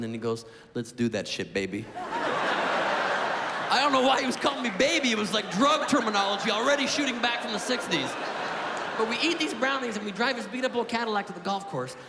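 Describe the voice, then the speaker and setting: Brief: male stand-up in his thirties, high, swooping, neurotic delivery, live hall with laughing crowd. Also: noisy background. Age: 30s. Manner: animated, neurotic storytelling with voice swings. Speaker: stand-up comedian. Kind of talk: stand-up comedy set. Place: comedy stage before a live audience.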